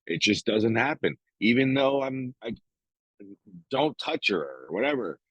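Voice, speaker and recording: A man's voice: mid-range voice, sing-song, a little slow, a bit bright, breathy edge, no echo, dull audio. A middle-aged man co-hosting a podcast, talking bluntly in casual chat, swearing often and acting out the lines of others. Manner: blunt, heavy swearing, acts out quoted dialogue. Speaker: podcast co-host.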